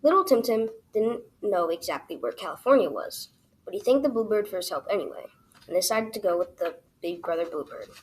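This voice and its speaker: A woman reading her own children's story aloud as the storyteller, in an expressive, animated way. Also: medium pitch, fairly quick, slight background noise, low-quality recording.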